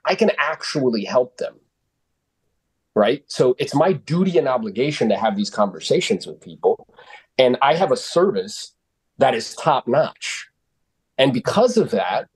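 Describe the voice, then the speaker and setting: Husky-voiced blunt male sales coach. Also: mid-range voice, a little mellow. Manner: blunt, confident, profane, lots of fillers. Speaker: real estate sales coach and podcast host. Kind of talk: coaching talk on sales calls.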